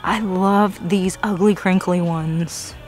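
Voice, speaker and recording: A young woman filming a casual plant-shopping vlog in a nursery, gushing excitedly over the plants she finds. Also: on the low side, slow, soft background music. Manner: excited, gushing, frequent gasps. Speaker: plant vlogger.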